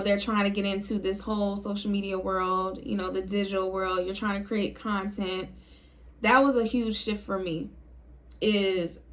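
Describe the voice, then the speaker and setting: Young woman, mid-pitched, speaking low and calm to camera; relaxed casual vlog chat. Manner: low, calm, chill delivery. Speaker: video creator.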